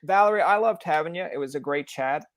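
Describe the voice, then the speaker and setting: A man's voice: a little high, fast, dry recording, clean studio sound. A man hosting a podcast in casual chat, joking and self-deprecating. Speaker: podcast host.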